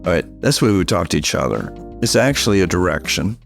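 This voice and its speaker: A man's voice: low voice, big pitch swings, fast talker, gravelly, soft background music. A man hosting a parenting podcast, explaining patiently at a studio microphone and checking that his listeners follow. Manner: patient, asks rhetorical check-in questions. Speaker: parenting author and podcast host. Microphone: studio microphone at a table.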